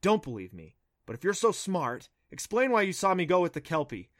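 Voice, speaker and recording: A man's voice: high-pitched, big pitch swings, brisk, a bit bright, no echo, studio quality, pitched above the performer's own voice. Man doing an earnest, stubborn boy. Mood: insistent. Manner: insistent, defiant.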